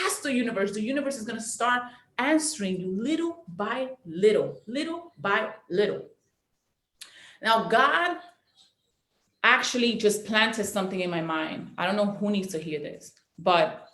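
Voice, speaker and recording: A woman's voice: on the high side, fairly bright tone, echoey room. A woman giving a preachy, emphatic motivational training talk as a network marketing leader, repeating herself for effect.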